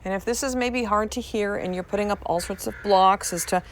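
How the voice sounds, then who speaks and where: A woman's voice: mid-range voice, fairly quick, a little hiss or hum. A woman in her thirties hosting a podcast from home, talking frankly and repeating herself for emphasis, swearing casually. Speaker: podcast host. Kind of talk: casual motivational podcast talk. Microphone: podcast mic.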